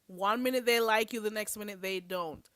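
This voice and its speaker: A woman's voice: mid-range voice, normal speed, fairly bright tone, no echo. A woman hosting a livestream, giving blunt, sassy commentary and preachy advice. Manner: blunt, sassy, preachy, calls listeners "girl". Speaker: livestream host.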